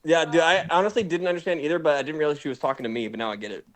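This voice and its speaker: A man's voice: fairly high pitch, racing, a little hiss or hum. Laughing young streamer guy. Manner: laughs often, joking banter with slang. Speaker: streamer host. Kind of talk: casual chat.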